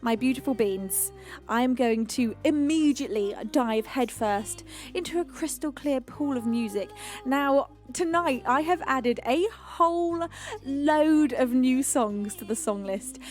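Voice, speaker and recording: Gushing high-voiced British woman streamer. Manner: effusive and affectionate, reading out chat names. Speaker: streamer and singer. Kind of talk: live stream chat greeting viewers.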